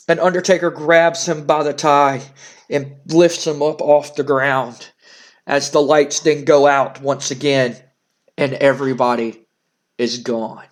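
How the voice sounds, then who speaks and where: Speaking unhurriedly in a slightly high voice, a game narrator tells the story of a wrestling sim playthrough as dramatic play-by-play, hyping each announcement.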